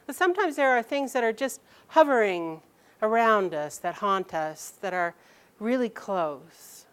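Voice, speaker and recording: Woman, storyteller, personal anecdote, animated, acts out quoted people, halting restarts. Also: medium pitch, clean tone.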